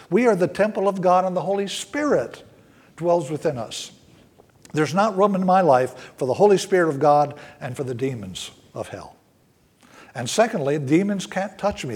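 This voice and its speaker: Husky-voiced man preaching a sermon. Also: high voice, a little mellow. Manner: earnest preaching with emphatic rises on key words. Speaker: pastor. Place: church sanctuary.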